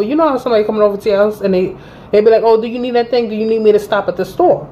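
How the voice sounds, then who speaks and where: A woman in her thirties telling a personal story to her channel in a casual, animated and profane way, acting out both sides of the conversation. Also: on the high side, racing, dull audio, a little hiss or hum. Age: 30s. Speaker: vlogger. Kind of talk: storytime vlog.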